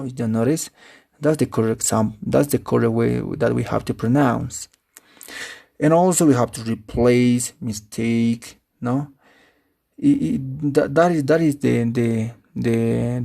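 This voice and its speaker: A man leads an English pronunciation lesson at an unhurried pace, with a gravelly, fry-edged voice. He halts and restarts often and tags his points with a checking "no?". He repeats each example word slowly and deliberately for his students. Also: mid-range voice, a little mellow. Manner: halting, many restarts, frequent "no?" tag.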